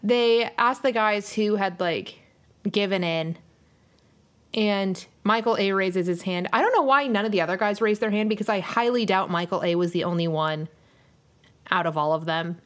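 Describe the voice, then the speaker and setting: Female podcast co-host, casual gossipy chatter, natural middle pitch. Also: normal speed, a bit bright. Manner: chatty, lots of "like" fillers, recaps reality TV. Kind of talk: casual chat.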